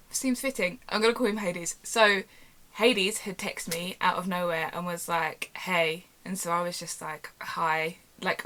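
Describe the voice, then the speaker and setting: A young woman casually telling a storytime vlog from her bedroom, animated and chatty, acting out quoted dialogue. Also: on the low side. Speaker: YouTuber. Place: home bedroom. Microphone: camera on tripod.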